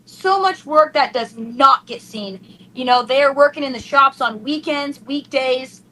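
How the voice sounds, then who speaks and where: A woman's voice: high-pitched, measured pace, low-quality recording. A young woman racing driver, gushing and tearful in an emotional post-race interview. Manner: excited, gushing, breathless with emotion.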